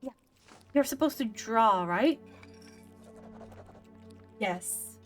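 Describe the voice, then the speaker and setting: A woman casually commenting while she plays a game, chatty and quick to react with giggles and exclamations. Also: a little high, expressive, soft background music. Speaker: gameplay video host. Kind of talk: casual let's-play commentary.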